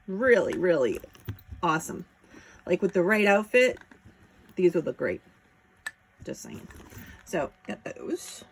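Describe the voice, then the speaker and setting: A woman's voice: on the low side, vocal fry, slight background noise. A woman chatting casually as she shows off jewelry pieces one by one, admiring each as she handles it. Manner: chatty, admiring, talks while handling items. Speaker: jewelry seller showing auction finds. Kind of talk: casual show-and-tell chat.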